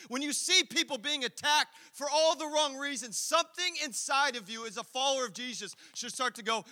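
A man preaching a sermon, telling a story with lively acted-out quotes and asides. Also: extremely high pitch, long reverb tail. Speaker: pastor.

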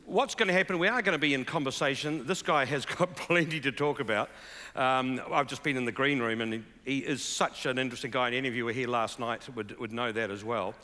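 A man leads an onstage interview, and his bright, forward voice carries through the hall with a long echo. He sounds chatty and upbeat, leaning on ums and uhs as he talks. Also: medium pitch, fast talker. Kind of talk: onstage conversation. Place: large hall with live audience. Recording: reverberant large hall.

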